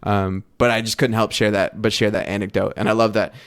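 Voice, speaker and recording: Low-voiced man telling animated stories. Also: brisk, clear, resonant tone. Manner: animated anecdote-telling, many fillers. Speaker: podcast co-host. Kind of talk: casual conversation, storytelling.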